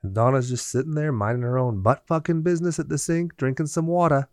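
A man's voice: mid-range voice, quick pace, darkish tone, dry recording. A man co-hosting a podcast, recapping a movie with dry, wry jokes. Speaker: podcast co-host. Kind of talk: casual movie recap chat.

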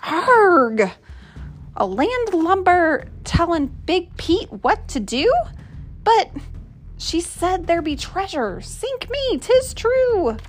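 Blustering storybook pirate captain, bossy and gruff, high and lively, put on by a woman reading aloud. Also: slow, a little hiss or hum, exaggerated voice.

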